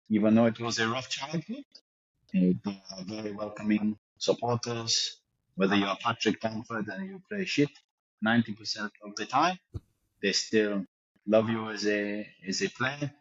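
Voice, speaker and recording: A man's voice: on the low side, muffled recording, full character voice. A man voicing a boastful fake French football star, with a put-on French accent that slips into Yorkshire and a pompous, crude manner. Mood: scornful. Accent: put-on French accent slipping into Yorkshire. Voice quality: pompous, crude, self-satisfied bragging. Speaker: podcast co-host doing an impression.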